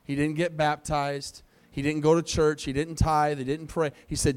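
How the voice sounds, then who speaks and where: A pastor leading an altar call during a church service, speaking earnestly with pleading, repeated phrases. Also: male voice, a little high, little pitch movement, normal speed, hardly any pauses, clean tone.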